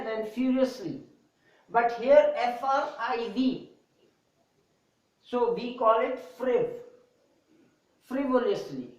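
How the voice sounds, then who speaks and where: A man's voice: high-pitched, a little mellow. Male English teacher, spells out words, echoey roomy sound, dull lo-fi audio. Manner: slow and deliberate, spells out letters and repeats words. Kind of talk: English pronunciation lesson. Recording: echoey, distant, dull lo-fi room.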